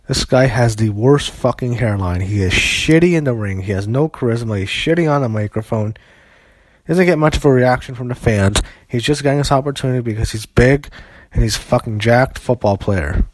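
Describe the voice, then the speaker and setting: A man's voice: medium pitch, fairly quick, dry recording. A young man reviewing a wrestling show in an opinionated, rambling, foul-mouthed way, often restarting his sentences. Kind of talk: casual solo review.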